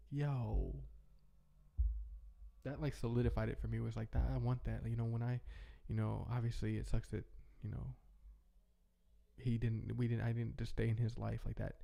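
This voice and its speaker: A man's voice: on the low side, level tone, moderate pace, creaky, warm tone. A young man talking in a rambling, heartfelt way, chatting casually as a podcast host. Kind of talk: casual reflective chat.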